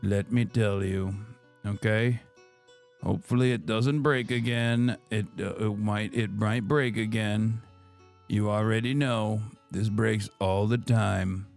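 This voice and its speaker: A man's voice: on the low side, steady tone, slow, creaky, a little mellow, faint music behind. A young man hosting a live political stream, casual and sarcastic, swearing often.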